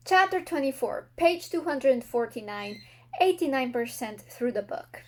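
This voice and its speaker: A woman's voice: high voice, lively intonation, measured pace, darkish tone, slight background noise. A young woman book vlogger reacting aloud while reading, emotional and exclaiming, talking to the characters.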